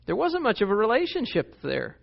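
A man preaching a sermon, animated and emphatic, reading scripture aloud and explaining it. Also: sits high, brisk, gravelly, highs cut off. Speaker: pastor.

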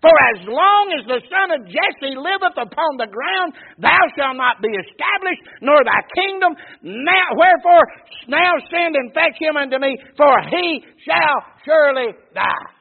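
A man voicing an enraged ancient king, bellowing curses in a booming scriptural rant. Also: animated, measured pace, gravelly, hardly any pauses, heavily acted. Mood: thundering. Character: furious man, an enraged ancient king cursing his son. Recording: tinny phone-like sound.

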